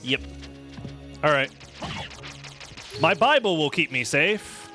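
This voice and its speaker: A man's voice: fairly high pitch, lively intonation, slow pace, music in the background. An American man commentating a live-stream game run, joking and sarcastic as he chats with viewers. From United States.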